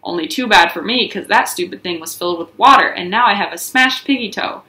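A woman voicing a dramatic little girl who hollers and wails in a high voice. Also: a little fast, pushed and bright, echoey room, close to an everyday voice. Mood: pleading. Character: bratty loud little girl narrator.

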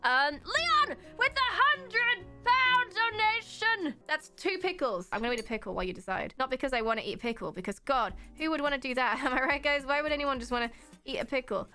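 A woman's voice: sits high, fast, bright, forceful tone, faint music behind. A young woman in her twenties chatting casually on a charity livestream, bubbly and self-mocking, laughing often. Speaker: streamer hosting a charity stream.

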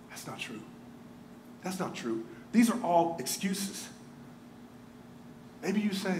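Earnest pastor preaching. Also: male voice, sits high, very animated, slow, pauses often, a little hiss or hum. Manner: earnest, swings from hushed to emphatic. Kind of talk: sermon. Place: church sanctuary. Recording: roomy church hall.

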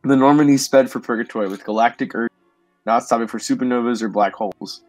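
A man reading a silly fan story aloud as a podcast host, flat and mock-serious. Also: mid-range voice, fast talker, no echo, soft background music, low-quality recording.

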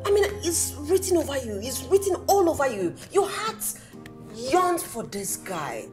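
A high, sing-song voice with a Nigerian accent belongs to a young woman in a film, who teases her anxious friend. She mixes Pidgin into her English, and her pitch leaps up and down. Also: measured pace, music in the background. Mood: teasing. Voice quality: teasing, lively, mixing Pidgin into English. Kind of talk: film drama acting.

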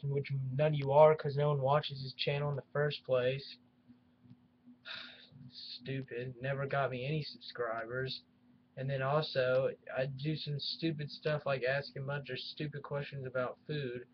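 A man's voice: medium pitch, level tone, unhurried, muffled recording, a little hiss or hum. Aggrieved young man ranting on camera. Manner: aggrieved, repetitive complaining with many restarts. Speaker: YouTube reviewer. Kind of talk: ranting vlog. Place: at home near his action figure collection.

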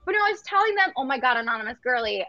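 A young woman hosting a livestream battle, excitable and gushing, with quick laughs, over dull lo-fi phone audio. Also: high voice, no echo.

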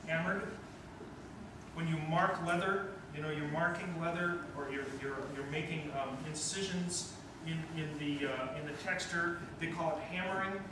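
A man's voice: a little high, fairly even intonation, moderate pace. A man, questioning and encouraging as he teaches a wind band in rehearsal. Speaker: band clinician. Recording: echoey rehearsal room from far off.

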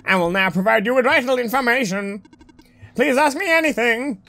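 A woman voicing a formal robot who speaks grandly and solemnly while explaining a dark world. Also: fairly high pitch, normal speed, voice pushed up. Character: eager, formal robot who greets a savior.

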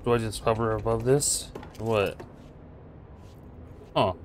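A man's voice: on the low side, steady tone, slow, a little hiss or hum. A man giving casual let's-play commentary, goofy, taunting enemies and slipping into silly voices. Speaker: streamer. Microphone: USB condenser mic. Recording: voice over game music. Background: game music.

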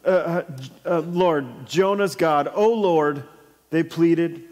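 A high-voiced male pastor delivers a sermon at an unhurried pace, telling stories and breaking into sudden loud bursts. His voice rings with a long reverb through a church hall.

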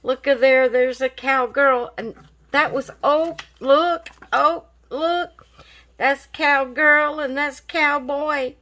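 A woman, gushing and excited as she opens craft mail in a casual vlog. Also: sits high, takes it slowly. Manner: gushing, excited, repeats thanks. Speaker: craft vlogger.

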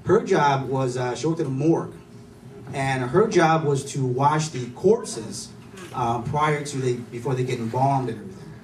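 A man's voice: mid-range voice, moderate pace, roomy sound, recorded from a distance, slight background noise. A man performing a stand-up comedy set, telling loose, chatty stories with lots of fillers. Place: comedy club stage. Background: room ambience and audience laughter.

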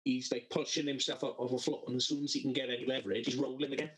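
A man's voice: medium pitch, little pitch movement, rapid-fire, fairly bright tone, low-quality recording. A man casually telling a rambling, sweary festival story to friends on a podcast. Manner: sweary, rambling anecdote with laughs. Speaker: podcast co-host.

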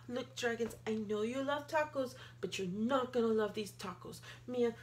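A woman reading a picture book aloud to a child, playful, with gasps and excited outbursts. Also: a little high, normal speed, few pauses, slight background noise. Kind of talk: animated read-aloud storytelling.

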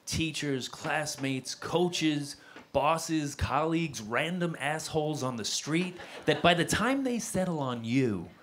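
A man's voice: on the high side, slow. A man, performing a self-deprecating stand-up set on a comedy club stage with a handheld mic. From Queens, New York. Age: 40s. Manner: wry, self-deprecating, deadpan delivery. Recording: live club recording with audible crowd noise. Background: audience laughter and club noise.

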